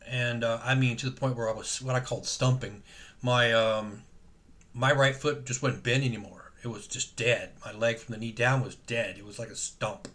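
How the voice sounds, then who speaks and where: A man telling a personal story in a casual, halting way, full of fillers and restarts, as he keeps a video journal at home. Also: mid-range voice, fairly even intonation, a bit bright. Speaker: patient keeping a video journal. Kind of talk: rambling personal vlog story. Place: at home in San Diego.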